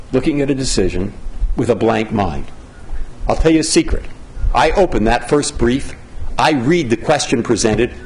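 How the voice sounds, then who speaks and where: An older American man giving a conversational conference speech as a judge, asking himself questions and breaking off mid-sentence. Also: mid-range voice. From United States. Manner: conversational and self-interrupting, asks himself questions. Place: conference hall.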